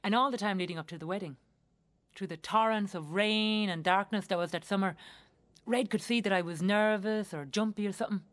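A woman's voice: medium pitch, fairly quick, lightly acted. An actress with an Irish accent performing a theatrical monologue as a young Irish woman who speaks in an earthy, wry and blunt way and swears freely.

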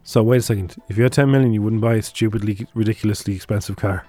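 A man's voice: fairly low pitch, steady tone, racing, dark tone, faint music behind. An Irish man hosting breakfast radio, chatty and teasing as he directs a prank call. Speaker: radio show host.

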